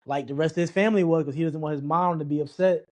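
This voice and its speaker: His voice is on the high side and fast as he co-hosts a casual chat reviewing a film. He tells the story animatedly, recounting scenes and mimicking the characters' lines.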